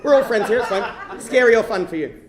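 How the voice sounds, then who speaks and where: A young Australian man performing a one-man comedy storytelling show on stage, animated and prone to shouted rants. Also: sits high, a little fast, a crowd in the background. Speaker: stand-up storyteller. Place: theatre stage before an audience. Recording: roomy theatre sound.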